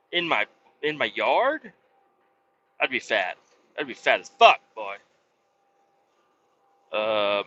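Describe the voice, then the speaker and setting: A man hosting a podcast, rambling in a profane, meandering way with many pauses and restarts, on a dull lo-fi recording. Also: medium pitch, pushed and bright, slight background noise. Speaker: podcast host and roadside tow operator. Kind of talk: casual rambling monologue.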